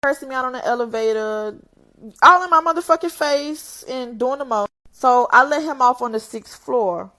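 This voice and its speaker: A woman's voice: high voice, moderate pace, bright, forceful tone. A young adult woman telling a personal story on camera in a candid, blunt, profane and emotional way. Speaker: vlogger.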